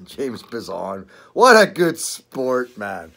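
A man's voice: medium pitch, wildly swooping pitch, slow pace, vocal fry, sharp tone. An older man with a Canadian accent, chatting casually in a vlog, rambling, swearing and laughing often. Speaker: vlogger. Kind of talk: casual chat.

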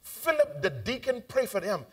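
High, lively Bahamian preacher. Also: male voice, normal speed, distant mic, crowd noise. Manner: fervent, swings between shouting, chanting and low asides; call-and-response with the congregation. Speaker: bishop preaching. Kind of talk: live sermon. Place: large church auditorium. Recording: live church recording, voice off-mic.

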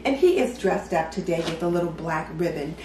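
A woman's voice: fairly low pitch, expressive, fairly quick, dark tone, slight background noise. A middle-aged woman giving a chatty, upbeat, homey show-and-tell tour of her kitchen decor. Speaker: home decor vlogger. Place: home kitchen. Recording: roomy echo, a little far from the mic.

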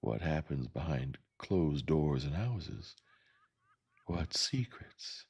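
A man reading the part of a sharp-tongued older Southern woman neighbor in a gentle audiobook reading, with a dry, firm, plain-spoken delivery. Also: rumbling low, big pitch swings, takes it slowly, husky, lo-fi sound, exaggerated voice.

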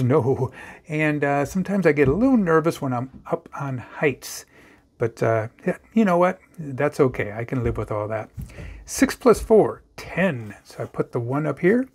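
Chatty man teaching kids' math. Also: a little high. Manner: chatty, playful, talks to viewer directly. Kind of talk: casual math lesson for kids.

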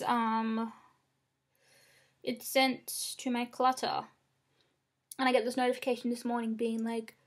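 A young woman venting to the camera about failing, upset, rambling and frank, swearing often, recorded at close range in a small room. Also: a little high. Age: young adult. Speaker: vlogger.

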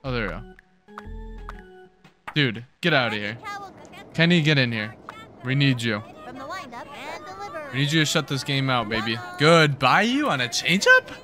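A young man hosting a gaming video, giving excited let's-play commentary and cheering his team on with slangy outbursts. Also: medium pitch, a little slow, pauses often, music in the background. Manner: hyped, yelling at the game, slangy.

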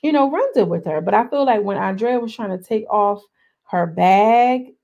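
A woman's voice: medium pitch, animated, moderate pace, gravelly, darkish tone, lo-fi sound. A young woman, recapping a reality show in casual, gossipy commentary, talking straight to her viewers.

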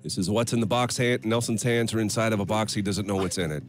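A man's voice: fairly low pitch, fast talker, music in the background. A man co-hosting a radio morning show, laughing and coaching a colleague through a gross challenge. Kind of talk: playful on-air banter. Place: radio studio.

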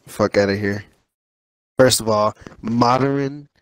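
A man reading game reviews aloud with a friend over voice chat, deadpan and profane. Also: fairly low pitch, slow pace, no echo, rough recording. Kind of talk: casual voice-chat banter. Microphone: voice chat mic.

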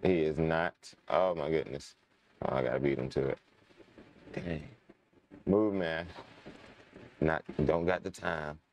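A man's voice: rumbling low, unhurried, long pauses, highs cut off, slight background noise. A young man casually commenting while playing a game, chatting to his viewers and muttering when frustrated. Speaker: gaming channel host. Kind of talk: casual let's-play commentary.

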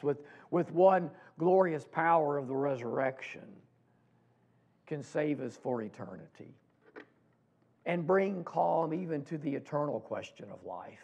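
Slow, gravelly-voiced male pastor preaching. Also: fairly high pitch, darkish tone. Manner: slow, deliberate preaching with pauses and restarts. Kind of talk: sermon.

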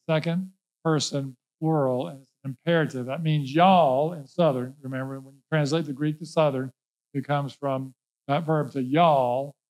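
A man's voice: on the high side, poor audio. A male pastor preaching a sermon, emphatic and folksy, repeating key words and mixing in casual asides. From Norfolk, Virginia.

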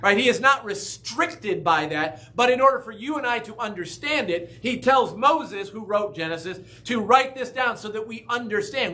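A man's voice: very high-pitched, bright, forceful tone. A man preaching a conversational sermon as pastor in a church, often asking the congregation questions.

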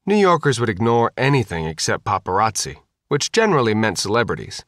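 Male audiobook narrator, lively pitch, dry studio sound. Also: fairly quick, no room sound.

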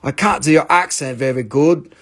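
An American man hosting a live sales stream, talking in an excitable, rambling way with casual swearing. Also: a little high, moderate pace, husky. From United States.

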